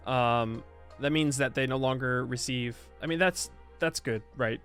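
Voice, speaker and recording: A man's voice: mid-range voice, measured pace, fairly bright tone, clear, resonant tone, soft background music. A man streaming live, chatting casually and reacting to his chat as he reviews a game patch, rambling and stop-start, sometimes insistent.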